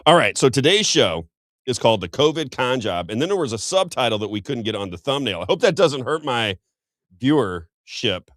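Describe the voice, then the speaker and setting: A man's voice: mid-range voice, big pitch swings, moderate pace, fairly bright tone, no room sound, clean studio sound. An American man hosting a casual political talk show, telling rambling anecdotes. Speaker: host.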